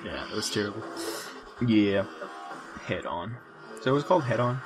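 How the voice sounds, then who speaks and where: A man's voice: fairly low pitch, lively intonation, normal speed. A man from Ontario co-hosting a podcast in casual chat, joking and laughing often. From Ontario, Canada. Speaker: podcast co-host.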